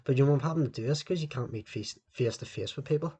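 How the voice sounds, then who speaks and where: A man with a husky, slightly rough voice rants by himself into a laptop mic for his podcast. His talk is loose and rambling, peppered with swearing, and sits at a middling pitch. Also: fast, mellow. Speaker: podcast host. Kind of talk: solo podcast rant. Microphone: laptop microphone.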